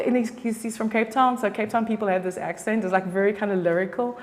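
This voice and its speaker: A woman's voice: medium pitch, brisk, hardly any pauses, darkish tone. A middle-aged woman artist giving a casual, profane talk. She rambles and keeps correcting herself as she goes. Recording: long reverb of a hall.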